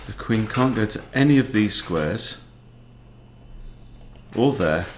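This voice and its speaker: A man, a chess coach thinking aloud in a relaxed, understated way as he plays a fast game. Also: lowish voice, a little hiss or hum. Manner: muttering, understated, self-talking. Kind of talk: thinking aloud while playing blitz chess.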